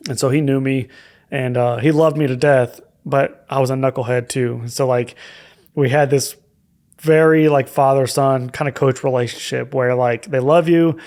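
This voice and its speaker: A man's voice: mid-range voice, steady tone, normal speed, darkish tone. A young adult man telling his own life story as a guest on a podcast, candid and reflective, with frequent hesitant fillers. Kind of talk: personal story in a podcast conversation.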